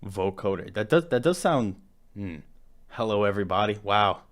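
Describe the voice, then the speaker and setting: A man's voice: lowish voice, animated, moderate pace. A man hosting a live music production stream, talking casually and rambling, often repeating himself and laughing at his own attempts.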